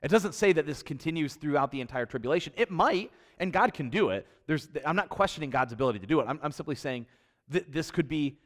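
Middle-aged guy teaching bible study, lots of restarts, gets loud and high then drops real quiet. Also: expressive, fast talker. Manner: conversational, many restarts and repeated words.

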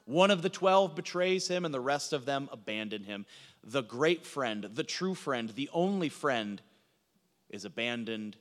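A man preaching a sermon as a pastor, swinging from emphatic lines to low, hushed ones. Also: animated, a little slow, big-room sound.

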